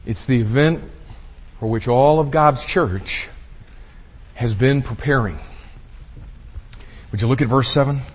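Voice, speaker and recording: Pastor preaching with folksy fervor. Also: male voice, mid-range voice, unhurried, pauses often. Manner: swings from hushed murmurs to loud shouted exclamations; folksy, addresses the audience as y'all and buddy. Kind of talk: sermon. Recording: husky voice with long hall reverb.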